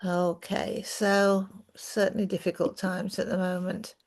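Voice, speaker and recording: A woman hosting an online meeting, talking in a relaxed, chatty way with many fillers, then reading a formal acknowledgement and reflection. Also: mid-range voice, measured pace, vocal fry. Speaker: host.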